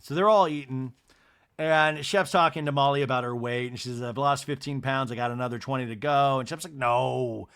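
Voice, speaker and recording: A man hosting a podcast, recapping a reality TV episode solo with an animated, storytelling delivery. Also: mid-range voice, a little fast, smooth. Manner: animated retelling, acting out cast members' lines in put-on voices. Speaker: podcast host.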